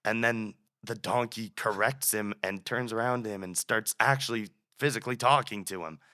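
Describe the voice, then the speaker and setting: A young man in his twenties speaks as a podcast guest, with a somewhat low voice. He tells stories animatedly and often restarts his phrases. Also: normal speed, pushed and bright. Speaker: student guest. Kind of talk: casual podcast interview.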